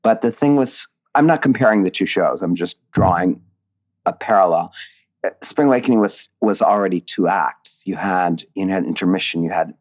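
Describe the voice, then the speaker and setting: Low-voiced man, animated storyteller. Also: moderate pace. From United States. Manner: animated, emotional storytelling with many restarts. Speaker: guest, playwright and lyricist. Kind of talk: conversational interview.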